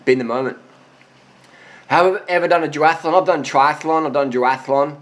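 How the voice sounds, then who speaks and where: A man's voice: on the high side, moderate pace, a bit bright. A man of forty giving blunt, profane answers to viewer questions in a casual monologue, worn out after a long ride. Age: 40s.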